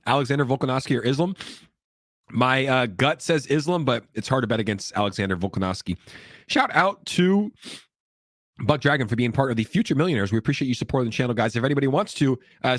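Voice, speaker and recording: A man's voice: mid-range voice, no room sound, studio quality. A man hosting a casual crypto livestream, upbeat and hyped as he reads viewer comments, sick and coughing now and then. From California.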